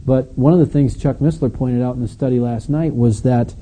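Dark-voiced preacher, conversational. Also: male voice, mid-range voice, a little fast, slight background noise, low-quality recording. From Wisconsin, United States. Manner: storytelling preacher, reads scripture then explains it conversationally. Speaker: pastor. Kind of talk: sermon.

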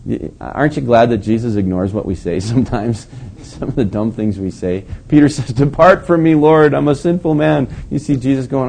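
A man's voice: mid-range voice, expressive, normal speed, gravelly, a little mellow, slight background noise. A male pastor preaching a sermon in a storytelling way, acting out the quotes and chuckling often.

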